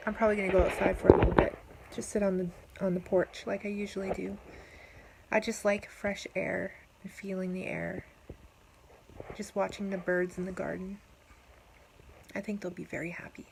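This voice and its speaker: A woman talking casually to her viewers in a rambling, gentle, affectionate diary vlog. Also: medium pitch, level tone, normal speed, gravelly, a little hiss or hum, rough recording. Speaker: vlogger.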